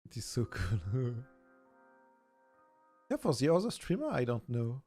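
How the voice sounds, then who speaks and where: A man with a southern French accent, a native French speaker, chatting casually as a streamer in halting English and searching for words. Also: medium pitch, huge pitch swings, dark tone, husky, faint music behind. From southern France. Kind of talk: casual chat.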